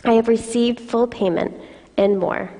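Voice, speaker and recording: Gravelly-voiced woman reading scripture. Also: a little high. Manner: steady, measured reading. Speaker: scripture reader. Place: church hall. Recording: long reverb of a church hall.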